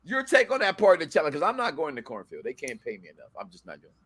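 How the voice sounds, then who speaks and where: A man co-hosting a live review stream, joking in animated, loud-and-soft bursts. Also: on the high side, fast talker, slightly rough. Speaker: co-host of a reality show review.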